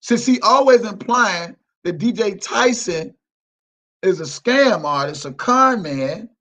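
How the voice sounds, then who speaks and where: Guy with a high voice ranting on his livestream, mocking, repeats himself, swears a lot. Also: expressive, slow, a bit bright, low-quality recording. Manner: mocking, repetitive, profane. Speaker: livestream host. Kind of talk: heated livestream rant.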